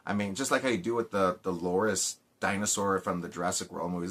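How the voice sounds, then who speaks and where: A man's voice: low voice, steady tone, fast talker, a bit bright. A man giving a casual movie review, rambling with many fillers and restarts and often sounding exasperated.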